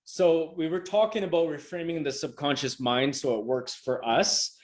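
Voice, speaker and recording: A middle-aged man speaks in a somewhat high register, pressing his points again and again in a motivational coaching session. He talks casually and swears freely. His voice comes through a video call microphone. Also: steady tone, moderate pace. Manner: emphatic, repetitive, casual with swearing.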